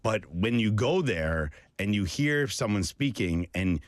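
A man co-hosting a casual chat, telling funny stories in an animated way. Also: lowish voice, unhurried, dry recording. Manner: animated storyteller.

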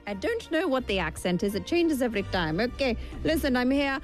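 A woman's voice: on the high side, sing-song, fairly quick, soft background music. Playful woman, chatty vlog. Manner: playful and chatty, jokey asides. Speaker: vlogger. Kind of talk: casual chat to camera.

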